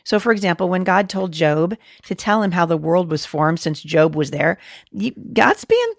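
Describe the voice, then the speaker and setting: A woman's voice: lowish voice, fairly even intonation, moderate pace, no echo, studio quality. A woman host giving an earnest devotional talk to moms, quoting scripture with frequent fillers and restarts. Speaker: podcast host teaching moms.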